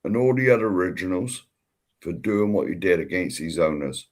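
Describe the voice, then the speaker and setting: A man guest speaking from the heart on a casual livestream. He talks haltingly and repeats himself, with a slightly low voice that moves a lot in pitch. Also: expressive.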